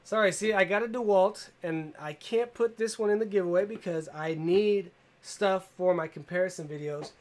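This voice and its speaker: A man's voice: high voice, normal speed. A man hosting a tool giveaway livestream, upbeat, calling out to viewers and reading their comments in casual chat. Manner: upbeat, calls out to viewers and reads comments aloud. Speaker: tool channel livestream host.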